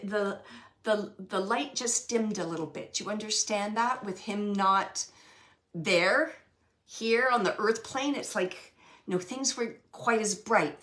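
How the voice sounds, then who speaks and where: A woman giving a spirit reading as a medium, rambling and halting with many fillers and frequent laughs. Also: medium pitch, a bit bright.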